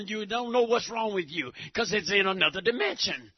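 Man, church testimony, raspy voice, muffled lo-fi recording, emphatic and repetitive. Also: sits high, lively intonation, fairly quick, hardly any pauses. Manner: emphatic, repetitive, bursts into shouting. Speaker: church member giving testimony. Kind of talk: preaching testimony. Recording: dull lo-fi recording.

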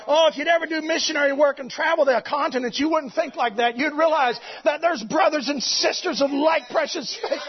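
A man preaching a sermon to his congregation, swinging between loud exclamations and quiet, low passages. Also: brisk, few pauses. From United States. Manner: animated preaching, swings between shouting and hushed. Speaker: pastor. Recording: dull lo-fi recording.

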